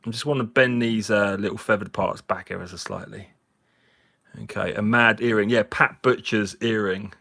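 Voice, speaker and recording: A man's voice: fairly low pitch, steady tone, normal speed, gravelly, bright, forceful tone. Slightly tipsy man chatting live. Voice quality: jokey, chatty, laughs often. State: slightly drunk. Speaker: livestream host. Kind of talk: casual live chat while cleaning finds.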